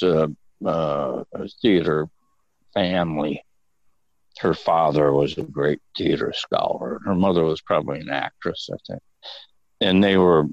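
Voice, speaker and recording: An older male guest with a very low voice tells meandering, profane stories and laughs easily as he talks. The sound is dry, with no room around him. The recording is dull and lo-fi. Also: dry recording. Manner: rambling, profane, chuckling storyteller. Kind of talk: casual storytelling interview.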